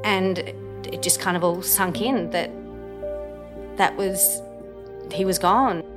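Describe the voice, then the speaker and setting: A woman telling a personal story in the first person, hesitant, with frequent pauses, ums and restarts. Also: fairly low pitch, over music. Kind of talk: emotional first-person recollection.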